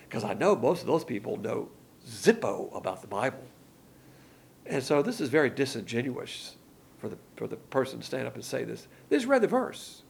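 A gravelly, husky man preaching a sermon. His pitch swings widely as he drives his points home. He talks in a colloquial, emphatic way, dropping slangy asides.

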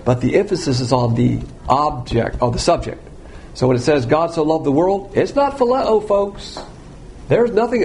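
Guy preaching, blunt, loud then quiet, highish voice, bit of hiss behind. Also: lively intonation, moderate pace. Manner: blunt, provocative, swings between loud and quiet. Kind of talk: sermon.

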